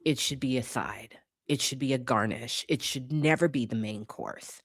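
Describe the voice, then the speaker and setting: A woman's voice: extremely low pitch, normal speed, husky, no room sound, clean studio sound. A woman commentator in a casual opinion rant, blunt and profane, hammering her points by repeating them. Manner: emphatic, repeats points for force.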